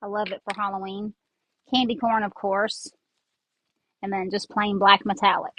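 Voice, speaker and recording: A Southern woman leads a casual craft tutorial at normal speed, her medium-pitched voice showing little pitch movement. Her sinuses have her a bit congested as she rambles and works with her hands. Recorded on an earbud mic, the audio has no room sound and its highs are cut off.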